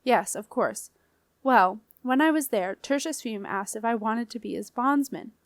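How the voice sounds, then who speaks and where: A woman's voice: on the high side, a little slow, dry recording, studio quality. A woman voicing an earnest, uneasy young man who speaks hesitantly and apologetically.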